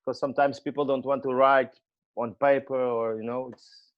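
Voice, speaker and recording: A male host whose first language is Portuguese, speaking English haltingly and searching for words. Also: mid-range voice, little pitch movement, lo-fi sound. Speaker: gym owner and show host. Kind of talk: conversational interview.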